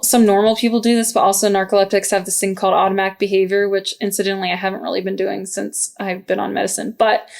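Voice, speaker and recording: A woman's voice: medium pitch, creaky, a little mellow. A woman in her thirties co-hosting a podcast, chatting casually, laughing often and reading book reviews aloud. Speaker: podcast co-host.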